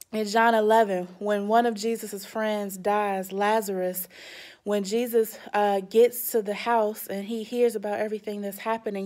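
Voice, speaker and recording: A young adult woman, a children's pastor, speaking straight to the kids in a sermon with emphatic rises. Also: a little high. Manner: warm, direct address to kids, emphatic rises.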